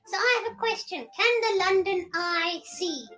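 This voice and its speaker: A performer voicing a sassy little girl puppet with yellow hair who complains and bosses the hosts around. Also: very high voice, normal speed, soft background music. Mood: unimpressed. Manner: grumpy, complaining, bossy.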